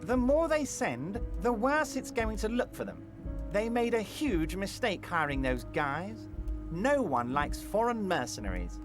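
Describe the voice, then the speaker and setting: A jovial, scheming union boss, booming and self-assured as he makes sweeping speeches. His voice is fairly high for a man and moves up and down a great deal. Game music runs clearly underneath. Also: sing-song, measured pace. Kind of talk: video game voice acting.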